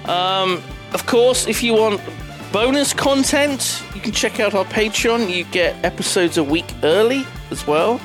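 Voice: mid-range voice, a little slow, over music. A co-host in a casual podcast, reading the outro plugs. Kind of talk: casual chat.

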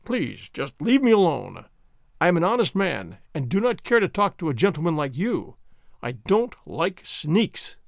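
A man's voice: a little high, sing-song, measured pace, gravelly, dry recording, full character voice. A blunt young teacher answers in short, curt phrases, as a man reading the story puts him on. The sound is dry and close. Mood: annoyed.

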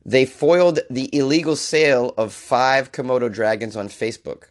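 A male comedian hosts a news podcast and is feeling under the weather. He reads each story and then breaks into exasperated rants. His voice is of middle pitch. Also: moderate pace. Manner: exasperated, ranting. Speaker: podcast host.

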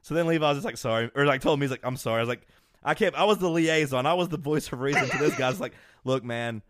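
A man with a medium-pitched voice talks quickly in a recording without echo. He co-hosts a casual podcast chat, telling a story energetically, acting out quotes and laughing often.

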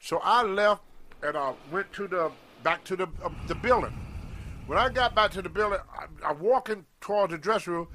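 Older male guest, lively storyteller, acts out voices. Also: high voice, moderate pace. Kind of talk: storytelling in a podcast interview.

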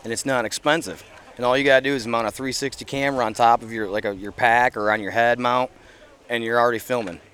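A middle-aged man talks at an ordinary pitch for his age and sex in a casual podcast chat, recorded outdoors at an event. He speaks earnestly and rambles, with many fillers and restarts. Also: steady tone, fast talker, fairly bright tone, clear, resonant tone. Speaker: podcast guest.

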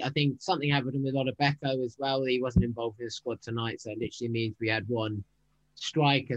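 A man, a regular on a football podcast, talking loosely with repeated words and hedges. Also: medium pitch. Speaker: podcast regular, transfer pundit. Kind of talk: casual football podcast chat.

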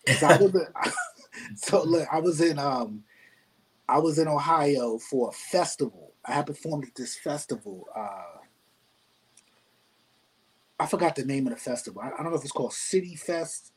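A man, a rapper guest, telling a story in casual chat, animated and laughing often, repeating himself. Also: a little high, normal speed, long pauses, husky, low-quality recording.

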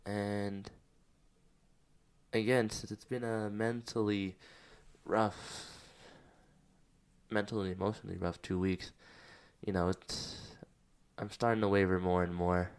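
This podcast host delivers a personal, reflective monologue about his struggles, close to tears and rambling candidly with many fillers. His lowish voice is clear and resonant but flat, a little slow, with long pauses.

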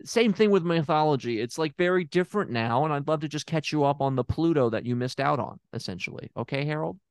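A man's voice: a little high, quick pace, clean tone, no echo, natural voice. A man playing a bumbling fake therapist in an improvised scene, hesitant and stammering while confidently explaining nonsense. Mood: deadpan.

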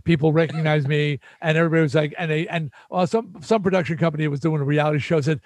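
A man's voice: on the high side, fast talker, hardly any pauses, dry recording. An older man from New York, telling stories in a casual chat and acting out quoted voices. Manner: animated, acts out quotes in voices. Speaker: musician guest. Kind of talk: casual storytelling.

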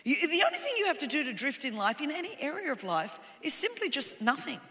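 Impassioned woman preacher, bright, echoing hall. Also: wildly swooping pitch, fast. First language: Greek heritage speaker of English. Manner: impassioned, rising to shouts, then dropping low and intimate. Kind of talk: sermon. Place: church auditorium. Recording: reverberant large hall.

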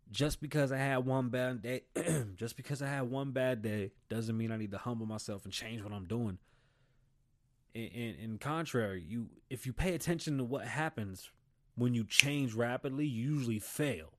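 A man's voice: mid-range voice, moderate pace. A middle-aged man hosting his own show, giving a casual, blunt motivational talk and swearing freely. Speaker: show host.

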